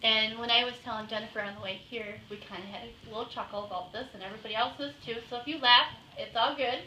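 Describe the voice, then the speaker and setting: Woman, patient talk to kids, high and bright, roomy distant home recording. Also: fairly even intonation. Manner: plain, patient explaining, pausing to give dog commands. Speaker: guest speaker with a guide dog. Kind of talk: casual talk to children. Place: indoors in a home. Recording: roomy, distant home-video sound with faint noise.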